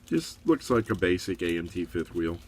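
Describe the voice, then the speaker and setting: Middle-aged man, very low voice, easygoing hobbyist reviewer, chatty and encouraging. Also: normal speed, a little hiss or hum. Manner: relaxed, chatty, rambling with fillers; upbeat, encouraging. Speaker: model kit reviewer.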